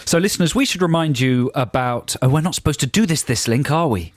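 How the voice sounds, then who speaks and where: A British man co-hosting a radio show, bantering with wry, quick replies. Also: a little high, animated, no room sound. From Britain. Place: radio studio. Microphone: studio microphone.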